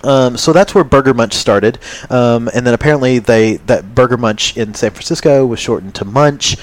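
A man's voice: mid-range voice, normal speed. A man co-hosting a podcast in casual chat, rambling and joking with lots of ums. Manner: rambling, jokey, many ums. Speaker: podcast co-host.

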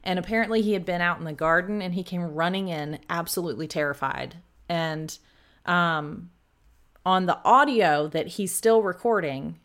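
A woman with a slightly low voice tells a ghost story to her co-host, chatty and relaxed. She fills pauses with ums and corrects herself as she goes. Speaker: podcast co-host. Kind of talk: casual storytelling chat.

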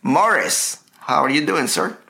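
Lively, bright-voiced male podcast host. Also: mid-range voice, a little slow, creaky. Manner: profane, joking, lively. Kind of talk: casual podcast banter.

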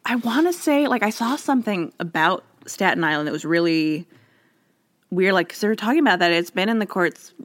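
A woman's voice: mid-range voice, animated, a little fast, no room sound. A woman co-hosting a podcast in casual chat, playful and giggly with running jokes. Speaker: podcast co-host.

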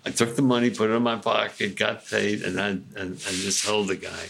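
A man's voice: fairly low pitch, a little fast, creaky, a little hiss or hum. Older man telling rambling showbiz stories. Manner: rambling, animated, with frequent restarts. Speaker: actor guest. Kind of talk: casual anecdotal storytelling.

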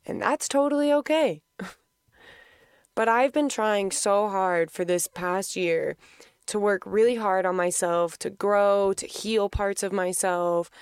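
Smooth-voiced woman talking candidly. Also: mid-range voice, steady tone, slow pace, no room sound, clean studio sound. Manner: open and casual, laughs often, swears freely. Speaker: podcast host sharing a personal story. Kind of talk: candid reflective monologue.

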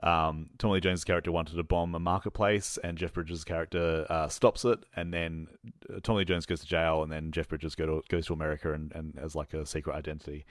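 A man co-hosting a casual movie chat, telling the plot in a halting, rambling way with lots of fillers and restarts, laughing at his own jokes. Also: very deep voice, little pitch movement, dry recording, clean studio sound. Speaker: podcast co-host reviewing movies.

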